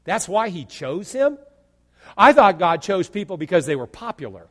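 A male pastor preaching a sermon in an animated way, acting out imagined dialogue and jokes. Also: high-pitched, moderate pace, long reverb tail.

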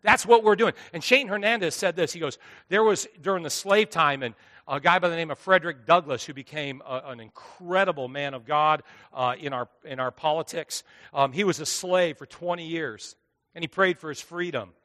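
A high, bright male pastor delivers a sermon, dropping to hushed asides and then rising to loud, driving lines. His voice carries a long hall reverb. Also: moderate pace. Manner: preaching with sweeping swings between hushed and loud.

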